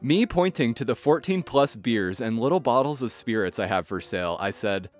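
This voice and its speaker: A man narrating online stories in an expressive, scripted storytelling manner. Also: mid-range voice, normal speed, few pauses. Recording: faint background music. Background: faint music.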